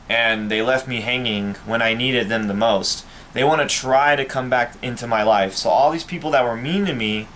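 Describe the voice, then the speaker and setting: A man's voice: medium pitch, fairly bright tone, slight background noise. A man, a vlogger, ranting to camera in a bitter, angry and profane way. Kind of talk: personal rant to camera.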